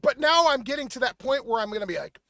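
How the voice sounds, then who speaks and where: A man's voice: extremely high pitch, fast talker, dry recording. A man co-hosting a podcast, talking casually and retelling stories dramatically. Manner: animated, dramatic storytelling. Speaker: podcast co-host.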